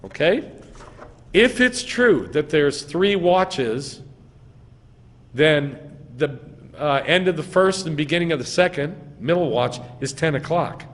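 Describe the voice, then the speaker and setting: A rabbi in a synagogue sanctuary delivers a teaching sermon slowly, his pitch lively and swinging. He emphatically stresses words, asking the congregation questions before answering them himself, and long hall reverb rings around his voice.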